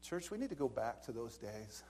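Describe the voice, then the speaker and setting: A man's voice: medium pitch, sing-song, fairly quick, a little mellow, a little hiss or hum. A man preaching a sermon, telling stories with dramatic asides and bursts of laughter. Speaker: pastor. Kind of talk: storytelling sermon.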